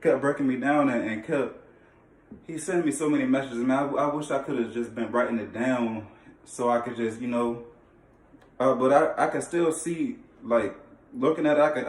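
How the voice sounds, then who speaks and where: A man's voice: medium pitch, a little mellow. A young man telling a personal faith testimony in casual, slangy talk, emphatic and full of repeated phrases and restarts. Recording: echoey room, mic at a distance.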